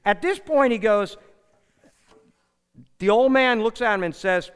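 A man delivers an animated sermon, his voice high and smooth. He swings from loud to hushed as he tells his story, and his words ring through a large hall with a long echo. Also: a little slow. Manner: animated, rises and drops in volume, acts out characters in the story. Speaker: preacher.

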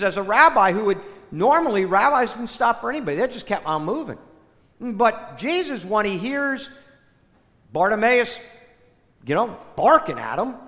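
A man preaching a sermon, telling stories in an animated way that swings between loud and soft. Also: high-pitched. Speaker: priest. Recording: long hall reverb.

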